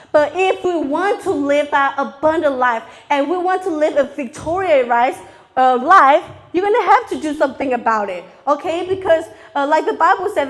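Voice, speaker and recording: High-voiced woman preaching in English, her third language. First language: not English (English is her third language). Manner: earnest, confessional, asks the audience "okay?" often. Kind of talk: sermon.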